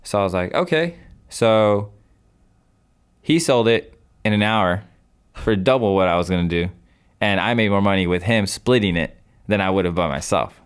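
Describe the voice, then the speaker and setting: His voice is fairly low, clear and resonant, moving at a normal speed with frequent pauses. He's a real estate investor in his twenties, a podcast guest casually recounting a story and playing out old phone calls of his.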